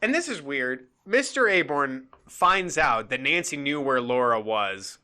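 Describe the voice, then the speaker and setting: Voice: mid-range voice, expressive, measured pace, bright, forceful tone. A podcast host recapping a mystery novel in casual chat, joking and acting out the characters' lines.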